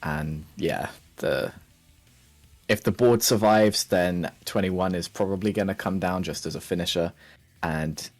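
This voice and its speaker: Deep-voiced man analysing a card game. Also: a little slow, soft background music. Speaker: co-commentator.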